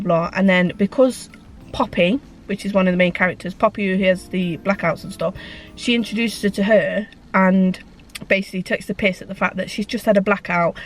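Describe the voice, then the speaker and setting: A woman's voice: medium pitch, slight background noise. A woman in a casual book chat vlog, retelling a story in a chatty way and swearing freely. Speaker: book vlogger.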